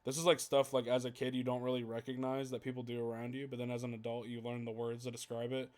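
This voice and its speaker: A man's voice: medium pitch, completely flat delivery, quick pace. A man hosting a casual podcast, ranting heatedly with lots of swearing and "like" fillers. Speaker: podcast host.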